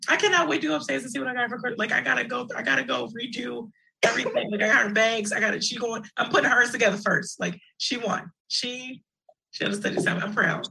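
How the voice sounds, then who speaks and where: Woman co-host, husky and gravelly, chatty and laughing, high-ish voice. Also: fast, bright, forceful tone, low-quality recording. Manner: chatty, storytelling, laughs easily. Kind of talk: casual chat show.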